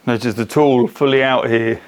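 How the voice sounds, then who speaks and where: A man's voice: mid-range voice, a little hiss or hum. Wry man muttering while working. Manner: muttering to himself, wry and self-mocking, straining. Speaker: car restoration vlogger. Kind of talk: casual self-narration while working. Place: home garage.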